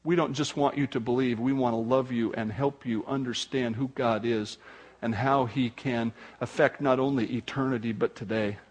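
An older man, a grandfather, preaching a sermon as pastor, animated and acting out the voices of people in his stories. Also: medium pitch.

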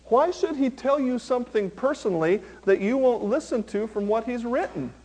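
A man with a high voice delivering a sermon in an animated, joking way. He leans on his words and drops into quick acted-out bits. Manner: animated, humorous preaching with acted-out quotes. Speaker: pastor.

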